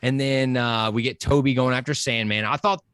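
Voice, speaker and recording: A man excitedly discussing a movie, acting out lines and laughing often. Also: mid-range voice, moderate pace, smooth, no room sound, studio quality. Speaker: podcast guest.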